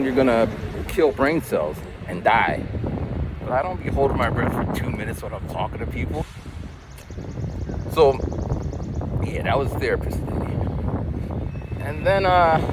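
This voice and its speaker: A man walks down a city street and talks to his phone camera in a loose, storytelling way. His pitch swings up and down a lot. Clear traffic and street noise run under his voice. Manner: chatty, storytelling, animated. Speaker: vlogger. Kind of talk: casual vlog monologue.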